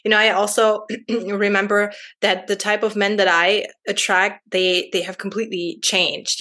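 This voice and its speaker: A woman's voice: mid-range voice, little pitch movement, moderate pace, hardly any pauses, bright, forceful tone. A woman podcast host whose first language is German, asking searching questions hesitantly with many fillers. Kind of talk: casual interview chat.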